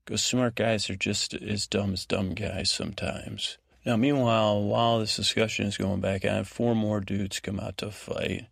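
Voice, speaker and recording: A man hosting a podcast, giving a meandering bedtime recap that is full of halting restarts and fillers. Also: fairly low pitch, steady tone, creaky, fairly bright tone, no room sound, clean studio sound. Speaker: podcast host. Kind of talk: rambling bedtime recap monologue.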